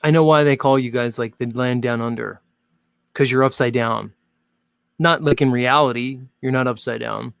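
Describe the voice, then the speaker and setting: A man's voice: medium pitch, steady tone, normal speed, gravelly, clear, resonant tone, dry recording, clean studio sound. A man hosting his own show, talking casually to viewers in a rambling, joking way full of fillers. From Northern Hemisphere. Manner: chatty, rambling, jokey, many "like" fillers. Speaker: host.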